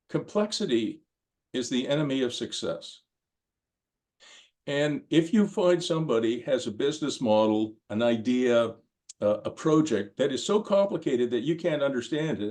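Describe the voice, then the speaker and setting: An older man lecturing a class in a loose, conversational style. He rambles through anecdotes with frequent ums and restarts. His pitch sits in an ordinary middle range for a man. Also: a little mellow. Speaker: course lecturer.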